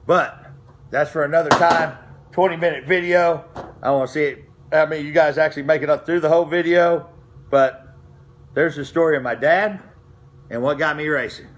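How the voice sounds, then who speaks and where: A man's voice: fairly high pitch, steady tone, moderate pace, a little hiss or hum. A middle-aged man, telling racing stories from his past in a folksy, rambling way, full of restarts. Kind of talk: casual storytelling to camera.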